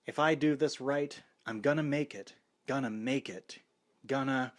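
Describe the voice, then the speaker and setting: A man's voice: mid-range voice, a little slow, close to an everyday voice. A man voicing a frustrated teenage boy, muttering his thoughts in a sour, impatient way.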